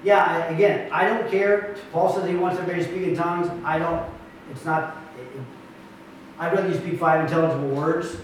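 A man's voice: a little high, steady tone, a little fast, a little hiss or hum. A man pastoring a church, teaching his group in an earnest, emphatic way, with many restarts. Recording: echoey room, mic far off.

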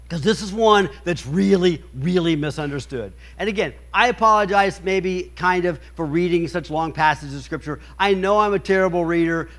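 A man's voice: a little high, fairly bright tone. A man preaching a sermon, reading scripture aloud with stumbles and restarts, then explaining it with emphatic rhetorical questions.

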